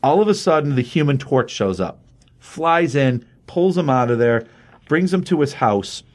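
A man in casual podcast chat, recapping a comic book with lively energy. He keeps slipping into quick put-on voices for the characters, pushing his pitch up for each quoted line. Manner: acts out characters' lines with raised pitch.

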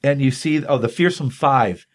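A man's voice: mid-range voice, moderate pace. A man casually retelling a comic book issue on a podcast, rambling with many ums and restarts, acting out the dialogue.

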